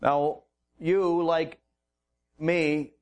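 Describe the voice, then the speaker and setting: A male preacher with a rather high voice delivers a sermon. He moves slowly and deliberately, leaning on long pauses between phrases. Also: flat delivery. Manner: slow, deliberate Bible teaching with drawn-out pauses.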